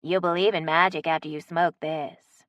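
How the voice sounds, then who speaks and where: A woman's voice: low voice, steady tone, moderate pace, fairly bright tone, dry recording. A woman voicing a sly older herbalist woman who talks in a sing-song way.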